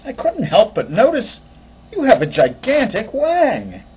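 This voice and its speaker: An eager, gullible everyday fellow, put on by a man telling a joke. He talks in a raised, louder voice and stammers over his words. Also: high voice, huge pitch swings, measured pace, a little hiss or hum, pitched above the performer's own voice, heavily acted.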